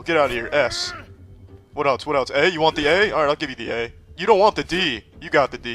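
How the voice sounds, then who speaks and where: A man's voice: a little high, brisk, fairly bright tone, a little hiss or hum. A man giving crude, sarcastic gameplay commentary and talking trash to the enemies in the game. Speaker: gaming commentator.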